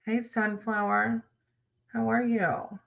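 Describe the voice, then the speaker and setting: A woman's voice: on the high side, little pitch movement, slow pace, gravelly, muffled recording. A woman chatting casually with viewers on a livestream, greeting them by name and reading tarot cards.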